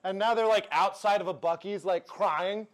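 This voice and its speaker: A young man, a guest on a casual sports chat on a patio, excitable, stammering and saying "yeah" over and over. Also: high-pitched, normal speed. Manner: excitable, repeats "yeah" a lot, stammering restarts. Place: outdoor patio.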